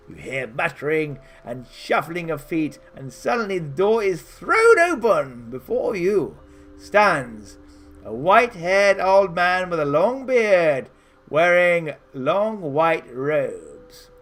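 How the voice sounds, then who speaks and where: A man's voice: fairly high pitch, a bit bright. A man hosting a gamebook playthrough, reading the story aloud with theatrical, chatty asides. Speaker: game host.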